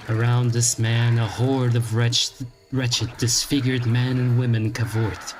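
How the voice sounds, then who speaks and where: A man streaming a game, reading its text aloud in a dry, deadpan way with wry asides. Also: mid-range voice. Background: game music.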